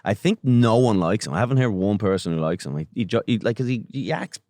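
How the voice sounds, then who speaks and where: Low-voiced Irish man, blunt and sweary. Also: animated, fast, a little mellow, dry recording, studio quality. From Ireland. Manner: blunt, swears freely, tells anecdotes. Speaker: podcast guest. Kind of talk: casual podcast chat. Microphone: studio podcast mic on an arm.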